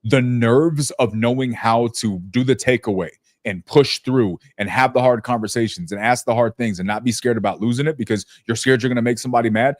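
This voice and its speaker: A man hosting a casual business podcast who tells stories bluntly and profanely and slips into lively impressions of people. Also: medium pitch, a little fast, hardly any pauses, no echo, studio quality. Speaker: podcast host.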